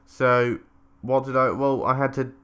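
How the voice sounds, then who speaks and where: Man, chatty rambling storyteller, bright forceful voice, gaming commentary. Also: mid-range voice, steady tone, unhurried, smooth. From England. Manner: rambling, chatty, self-interrupting, swears casually. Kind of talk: casual gameplay commentary storytelling.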